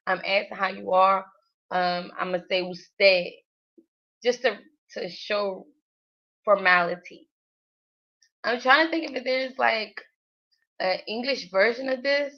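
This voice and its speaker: Slow-talking woman, chatty. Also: mid-range voice. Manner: chatty, lots of fillers, laughs at herself. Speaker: livestream host learning Spanish. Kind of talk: casual learning livestream. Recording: dull lo-fi livestream audio.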